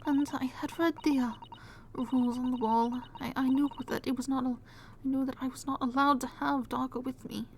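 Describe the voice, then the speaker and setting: A woman voicing a timid, nervous young woman with a put-on Russian accent, speaking in a hushed, halting way. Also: sits high, steady tone, slight background noise. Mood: anxious. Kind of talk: reading game dialogue aloud in voices.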